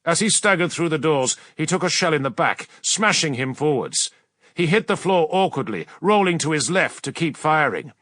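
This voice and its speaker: Male audiobook narrator, dramatic, very animated pitch, dry close sound. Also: moderate pace, no room sound. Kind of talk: scripted narration.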